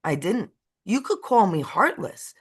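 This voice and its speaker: A woman's voice: mid-range voice, sing-song, measured pace, husky. Emotional woman telling a story. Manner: emotional, repetitive, uneven pace. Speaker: co-host. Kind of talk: casual storytelling chat.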